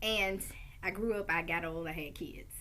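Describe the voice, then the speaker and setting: A middle-aged woman hosting a talk show in casual chat, animated and outspoken. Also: on the low side, moderate pace, a little hiss or hum. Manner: animated, outspoken, swears and laughs often.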